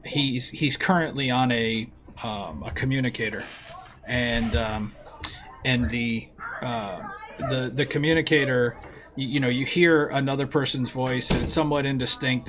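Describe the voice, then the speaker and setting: A man narrating a sci-fi tabletop role-playing game as game master, with a halting delivery. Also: medium pitch, fairly even intonation, fairly bright tone. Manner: halting, many fillers and restarts.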